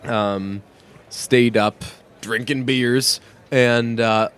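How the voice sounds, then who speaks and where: A man's voice: medium pitch, steady tone, drawn-out words, fairly bright tone, smooth. A young man co-hosting a podcast in casual chat, rambling through stories and laughing often. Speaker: podcast co-host.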